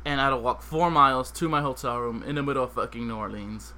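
A young adult man hosting a podcast, telling a comic story in a lively, casual way and acting out the other characters. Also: mid-range voice, quick pace. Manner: animated, acts out voices. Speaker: podcast host.

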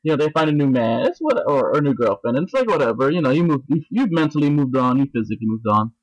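A man's voice: medium pitch, very animated, fast, no room sound, muffled recording. A man co-hosting a podcast, venting in casual chat. He rambles, swears and mimics other people's voices. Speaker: podcast co-host.

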